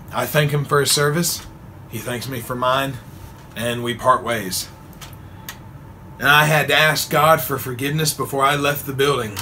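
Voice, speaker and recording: Over a faint hiss or hum, a young man with a mid-range voice shares an amusing true story for his casual vlog. He acts out the quotes with plenty of animation and keeps breaking into laughter.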